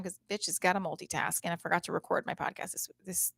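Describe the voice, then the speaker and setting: A woman's voice: fairly low pitch, flat delivery, quick pace, vocal fry, hardly any pauses, fairly bright tone, slightly rough, no echo, clean studio sound. A woman in her thirties hosting her own podcast in a casual, candid and rambling monologue, swearing freely and using many fillers. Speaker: podcast host. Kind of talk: casual live-stream monologue. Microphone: home setup, streaming and recording at once.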